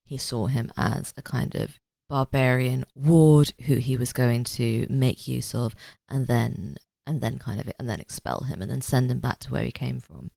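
A woman's voice: extremely low pitch, steady tone, normal speed, creaky, mellow, no echo. A woman co-hosting a podcast in casual discussion, chatty, often restarting and repeating words. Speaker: podcast co-host.

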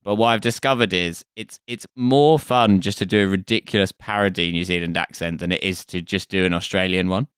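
Man, low voice, podcast co-host, jokey rambling chat, dry close mic. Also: fairly even intonation, a little fast, few pauses, fairly bright tone, clean tone, no room sound. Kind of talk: casual comedic chat.

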